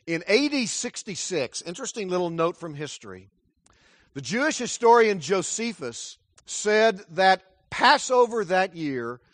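A man preaching a sermon, telling a story dramatically and swinging from loud declarations to hushed tones. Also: high voice, sing-song, unhurried, dry recording.

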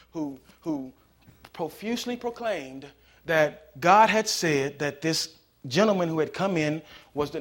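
A man, a pastor, preaching a conversational sermon that builds into loud, emphatic passages. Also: on the high side.

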